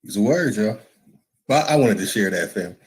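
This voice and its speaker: A man's voice: on the low side, expressive, normal speed, poor audio. A man hosting a livestream, talking loosely and reacting as he goes. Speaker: livestream host. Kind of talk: casual livestream talk.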